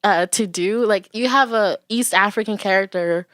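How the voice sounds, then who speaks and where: A woman's voice: mid-range voice, moderate pace, a bit bright, no echo, clean studio sound. A woman co-hosting a podcast in casual chat, agreeable and giggly, chiming in with short affirmations. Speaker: podcast co-host.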